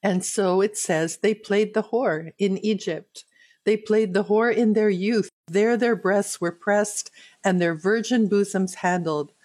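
Woman Bible teacher, unhurried and heartfelt, middle pitch, dry close sound. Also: a little mellow, dry recording. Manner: slow, earnest, personal devotional tone. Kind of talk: Bible reading and commentary.

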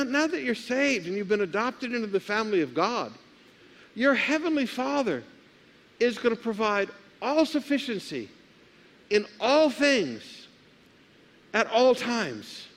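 A pastor preaches with a strikingly high voice. He reads scripture aloud and keeps throwing questions back at the congregation, drawing them into call and response. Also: fairly bright tone. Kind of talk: sermon.

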